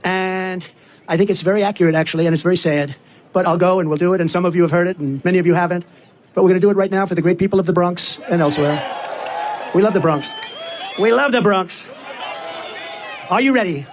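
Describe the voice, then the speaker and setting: A man's voice: high voice, quick pace. A man giving a rambling, repetitive campaign speech at a rally, talking straight to the crowd. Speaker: political candidate at a rally. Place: rally before a live crowd.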